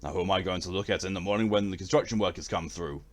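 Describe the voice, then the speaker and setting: A man's voice: deep voice, rapid-fire. A male streamer, chatting casually with his stream chat in a theatrical, posh-leaning way.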